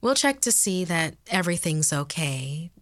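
A woman voicing a middle-aged mother, gently humoring her scared daughter. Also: on the low side, big pitch swings, normal speed, dry recording. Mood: soothing.

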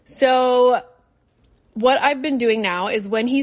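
A young woman from Canada chats casually on her solo podcast, rambling and full of fillers. Her voice sits a little high. The audio is slightly dull and lo-fi. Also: slow pace. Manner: chatty, rambling, lots of "like". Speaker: podcast host. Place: in a car.

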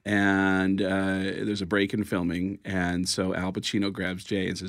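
A man, a comedian and voice actor, telling lively comic stories as a radio guest and jumping into quoted voices. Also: unhurried, few pauses, no echo, studio quality. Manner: lively, jumps into high-pitched quoted voices. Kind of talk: animated comic storytelling.

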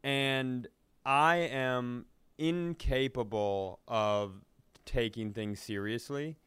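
A man co-hosting a comedy podcast, telling a story in an animated, profane way and often restarting sentences. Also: mid-range voice, extremely slow, clean tone, dry recording. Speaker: podcast co-host.

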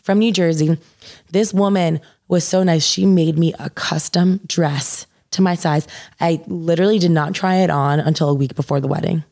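A woman's voice: fairly low pitch, fairly even intonation, normal speed, a little mellow. A young woman telling a personal story in casual chat, saying "like" constantly and swearing freely.

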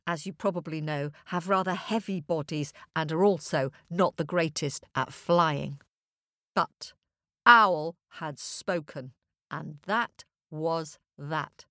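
A woman's voice: fairly low pitch, a bit bright, no room sound, studio quality. A woman telling a children's fable, playfully addressing young listeners directly. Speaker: storyteller. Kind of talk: children's story narration.

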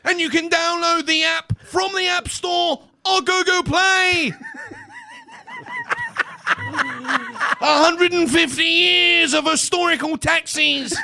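Scottish man doing a bellowing football commentator, hammy sales pitch, high and bright, gravelly. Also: heavily acted. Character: shouty excited male football commentator, adult. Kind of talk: impression of a sports commentator.

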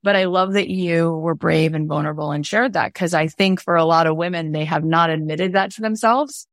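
A woman's voice: fairly low pitch, brisk, no echo, clean studio sound. A woman hosting a candid podcast conversation, telling stories animatedly, laughing and acting out quotes. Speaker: podcast host.

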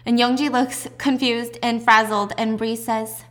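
A woman casually recapping a drama plot in a chatty, animated way with side remarks. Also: on the high side, unhurried. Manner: chatty, animated retelling with asides.

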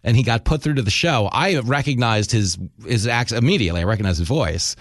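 A man's voice: medium pitch, fast talker, no room sound, studio quality. A man with a New York accent, a radio host and comedian, chatting casually in an interview and acting out voices in his stories. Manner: animated storyteller, acts out voices in anecdotes.

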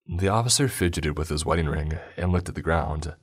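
Man, narrator, very deep voice, measured delivery, soft music underneath. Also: slightly rough. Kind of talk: first-person story narration.

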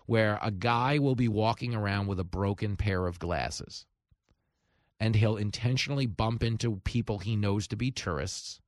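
A man, hosting a talk radio show with animated, sarcastic commentary. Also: on the low side, normal speed, dry recording. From New York.

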